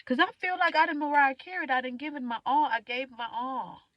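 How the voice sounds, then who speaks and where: A young woman venting in a candid, profane monologue, swinging from loud outbursts to low mutters. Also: fairly quick, no echo, highs cut off. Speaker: vlogger.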